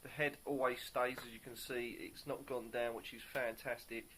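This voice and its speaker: A man reviewing a beer on camera in a casual, upbeat way, pausing often to search for words. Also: mid-range voice, flat delivery, very noisy. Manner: upbeat and enthusiastic.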